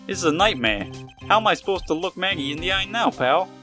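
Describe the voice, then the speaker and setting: A man's voice: high voice, animated, quick pace, music in the background, voice pushed up. A man voicing a bumbling, earnest male police detective, stammering and calling people "pal". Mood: dejected. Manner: stammering, ends lines with "pal". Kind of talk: reading game dialogue aloud.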